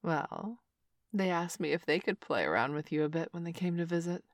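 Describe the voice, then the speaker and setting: A young woman in an adult audio role-play, talking in a teasing, bossy way with sighs and soft murmurs. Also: on the low side, lively intonation, normal speed, no room sound, clean studio sound.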